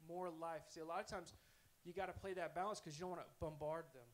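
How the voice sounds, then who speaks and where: A man's voice: fairly high pitch, steady tone, quick pace, rough recording. A man preaching a sermon in a conversational, earnest storytelling way. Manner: conversational, earnest, self-correcting.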